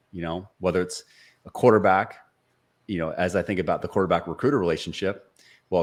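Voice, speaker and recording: A man in his forties from the Seattle area, a sales speaker and author, appears as a podcast guest in a conversational storytelling interview. His very low voice has a darkish tone, and he tells stories earnestly and motivationally, often restarting sentences and relying on fillers.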